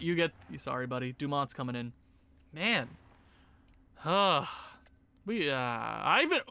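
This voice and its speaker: A high, lively young man chatting through a sports video game, talking straight to his players and swinging up into shouts. His tone is bright and a little sharp, and the close mic sounds dry with no room around it. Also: clear, resonant tone, dry recording. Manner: excitable, talks to his players, bursts into shouts and laughs. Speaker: gaming YouTuber. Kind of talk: casual gameplay commentary.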